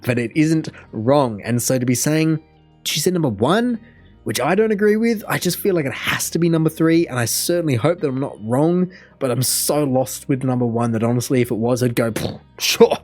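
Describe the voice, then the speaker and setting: Young Australian male reactor, lively chatty commentary, faint music underneath. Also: medium pitch, brisk. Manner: chatty, musing, thinks aloud. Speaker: reaction video host. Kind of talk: casual commentary.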